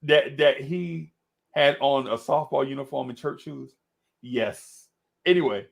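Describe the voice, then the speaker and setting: A middle-aged man telling a story in an animated, casual way, laughing often and calling his listener "bro.". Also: mid-range voice, measured pace, creaky, muffled recording. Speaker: podcast host.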